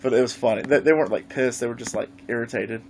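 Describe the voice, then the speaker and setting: A man vlogging live, telling a gaming story in a casual, animated way and swearing freely. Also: medium pitch, quick pace, slight background noise. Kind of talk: casual livestream chat.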